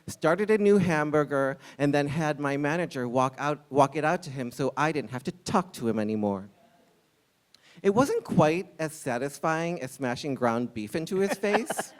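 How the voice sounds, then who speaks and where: A storyteller in his forties who works as a restaurant server shares a personal tale live, candid and wryly funny, landing punchlines with dry timing. His voice leans slightly high and has a clean tone.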